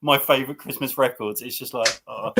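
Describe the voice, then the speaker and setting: A man's voice: medium pitch, moderate pace, vocal fry, slight background noise. A middle-aged man hosting a casual chat about records. He laughs often as he talks. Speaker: host. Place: home room. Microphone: webcam or computer mic.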